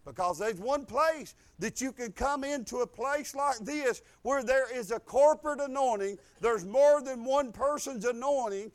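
A man preaching as a pastor, telling a personal testimony, animated, with loud emphatic lines and low quiet stretches, informal speech and restarts. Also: a little slow, few pauses.

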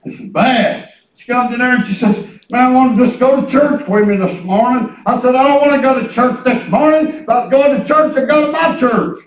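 A man with an extremely high, brisk voice preaches a sermon in a church hall, telling folksy stories and calling on the congregation to respond. The recording is echoey, captured from a distant mic.

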